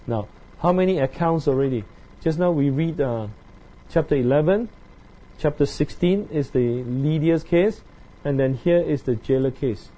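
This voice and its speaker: A man teaching through a Bible passage verse by verse. He talks haltingly, with many fillers, and keeps checking in with his listeners through tag questions. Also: medium pitch, warm tone, low-quality recording. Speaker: preacher.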